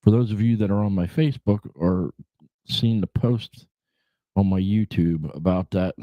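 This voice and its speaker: A man's voice: fairly low pitch, normal speed, no room sound, dull audio. Rambling, laid-back biker guy on a livestream. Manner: rambling and laid-back, swears freely, fillers like "you know". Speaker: podcast host. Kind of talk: casual livestream chat.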